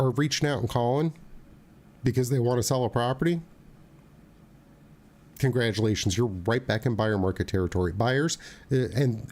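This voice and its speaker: A man who works as a realtor, hosting a casual talk show and chatting in an animated way with plenty of fillers and restarts. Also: medium pitch.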